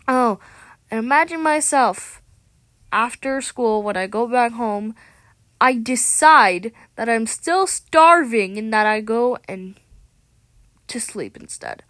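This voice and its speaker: A woman's voice: fairly high pitch, expressive, a little slow, a bit bright, no room sound. A teenage girl ranting casually to camera as a vlogger, dramatic and sarcastic, often correcting herself mid-sentence, recorded on a tablet microphone. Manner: chatty, dramatic and sarcastic, with frequent self-corrections.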